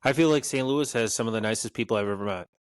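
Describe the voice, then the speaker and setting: A man, co-hosting a podcast in casual chat, animated and swearing freely. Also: medium pitch, racing, dry recording, clean studio sound. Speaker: podcast co-host.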